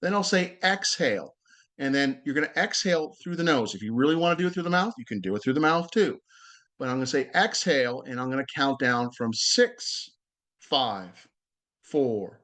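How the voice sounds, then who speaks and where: A man's voice: medium pitch, fairly bright tone. Friendly man leading a breathing exercise. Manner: friendly, loose, with many fillers and restarts. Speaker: yoga teacher and presenter. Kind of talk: casual presentation with guided breathing. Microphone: video call.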